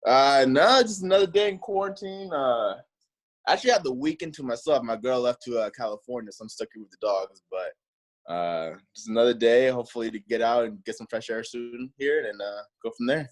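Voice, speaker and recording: A man chatting as an interview guest in a relaxed, rambling way full of fillers. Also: medium pitch, fairly quick. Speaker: guest, nightlife host. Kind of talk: casual interview chat.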